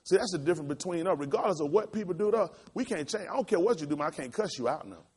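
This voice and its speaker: Impassioned preacher with a lively, swooping voice. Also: male voice, very fast. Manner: impassioned storytelling, swinging between loud high outbursts and low quiet asides. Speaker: pastor. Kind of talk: sermon.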